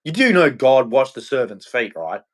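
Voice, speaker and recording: A man ranting on his own, heated and profane, turning preachy at times and swinging between shouting and muttering. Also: mid-range voice, very animated, moderate pace. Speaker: vlogger. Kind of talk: angry solo rant.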